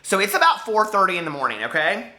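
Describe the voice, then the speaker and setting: Animated, bright-voiced chatty book vlogger man. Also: sits high, quick pace. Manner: animated storyteller, talks straight to viewers. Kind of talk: casual chatty vlog. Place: home.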